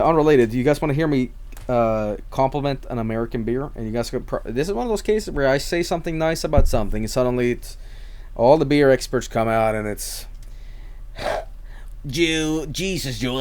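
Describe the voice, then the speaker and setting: A man's voice: mid-range voice, darkish tone. A man streaming, chatting casually and rambling with many restarts and plenty of swearing.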